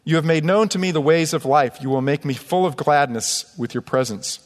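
A man's voice: a little high, brisk. A man preaching a sermon as pastor, emphatic, reading scripture aloud between his own points. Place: church sanctuary. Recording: long church hall reverb.

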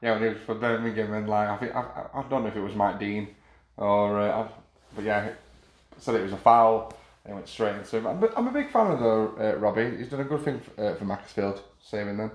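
Halting, low-voiced man in a roomy space. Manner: halting, restarts his sentences. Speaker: podcast co-host. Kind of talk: casual football chat.

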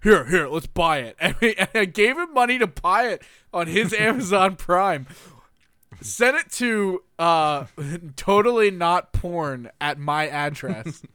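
A man's voice: high-pitched, animated, unhurried, bright, forceful tone, smooth, dry recording, clean studio sound. A man chatting casually on a podcast, loose and self-mocking, laughing as he talks. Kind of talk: casual chat.

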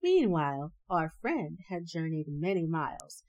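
A woman storyteller reading a folk tale aloud, with playful, animated asides. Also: sits low, a little slow, no echo, highs cut off.

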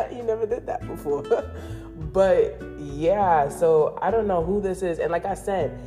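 A woman's voice: on the low side, warm tone. A woman hosting a spiritual podcast, talking in an emphatic, rambling, preachy way with many restarts. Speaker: podcast host. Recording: long hall reverb with faint music.

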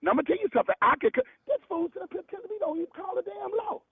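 A blunt, exasperated man talks fast over a tinny phone line, his high voice gravelly and jumping around in pitch. He swears and says things twice. The line sounds dry and thin. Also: sing-song, no echo. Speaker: prank call target. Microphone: telephone.

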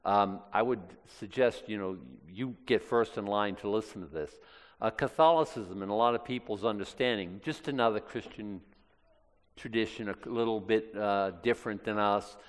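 A man's voice: on the low side, moderate pace, in a large hall. A man teaching from the Bible to a congregation in a loose, conversational way, with restarts and side remarks. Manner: chatty, digressive, with frequent restarts and asides. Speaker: pastor.

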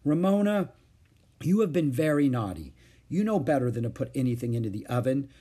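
A man voicing a tired, patient mother who speaks calmly and firmly. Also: medium pitch, a little fast, husky. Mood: weary. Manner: calm, weary and firm.

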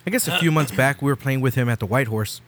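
A man's voice: mid-range voice, fast. A man on a podcast, chatting casually and telling stories in laid-back slang with lots of fillers. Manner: relaxed storytelling with many fillers. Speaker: podcast co-host, musician. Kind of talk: casual chat.

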